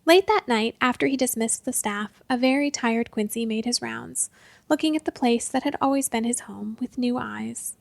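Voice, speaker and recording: A woman narrating a short fantasy story in a calm, even storytelling manner. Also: on the high side, normal speed, gravelly, no echo. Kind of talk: audiobook story reading.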